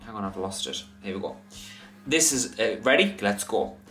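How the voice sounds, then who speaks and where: A man's voice: on the low side, sing-song, moderate pace, bright, forceful tone, roomy sound, soft background music. A man vlogging at home at night, chatting casually and working through a riddle. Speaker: vlogger, co-host. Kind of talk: casual chat.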